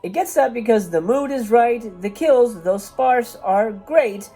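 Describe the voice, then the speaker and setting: A woman's voice: on the high side, animated, measured pace, warm tone, breathy edge, faint music behind. A woman hosting a casual film review, chatty and wry, with frequent hesitations. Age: adult parent. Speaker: movie reviewer and channel host.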